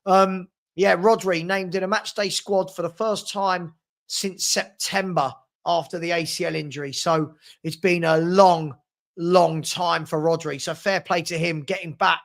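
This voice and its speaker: A man with a high voice talks through a live match as its host. He calls the passes in casual play-by-play and breaks off to answer viewers' comments in a loose, friendly chat. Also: steady tone, measured pace, gravelly, a bit bright. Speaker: watchalong host.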